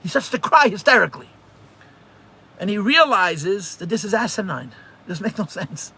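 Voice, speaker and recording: A man, a rabbi, teaching a live religious class and telling stories in an animated way, often repeating phrases for emphasis. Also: sits high, moderate pace, breathy edge.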